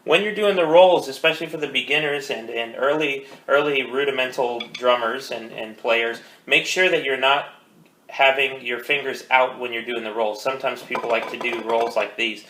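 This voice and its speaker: A man teaching a drum lesson, counting beats aloud and coaching calmly. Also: mid-range voice, moderate pace. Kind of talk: instructional rudiment lesson. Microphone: phone. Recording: echoey room with faint noise.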